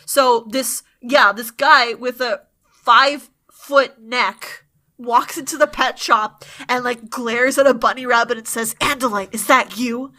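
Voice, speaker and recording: A woman's voice: fairly high pitch, fairly even intonation, takes it slowly, pushed and bright. A woman hosting a podcast, casually recapping TV episodes in a chatty, laughing way and swearing freely. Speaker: podcast host.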